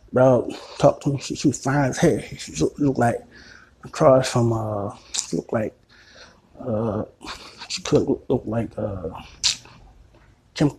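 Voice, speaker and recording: A man's voice: medium pitch, creaky, darkish tone, slight background noise. A man giving a rambling, crude comic rant, repeating himself and putting on other people's voices. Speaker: comedic ranter.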